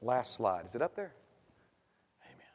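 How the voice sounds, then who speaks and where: Preaching pastor in a reverberant hall. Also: male voice, medium pitch, big pitch swings, moderate pace. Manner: preaching with rising emphatic bursts and repeated refrains. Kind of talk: sermon.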